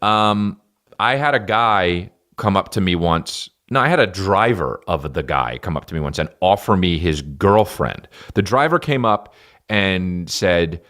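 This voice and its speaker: Podcast host, male, very low voice, profane rambling comic, casual solo rant. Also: lively intonation, a little slow. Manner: profane, rambling comic riffing with sudden loud jumps. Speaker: podcast host and stand-up comedian.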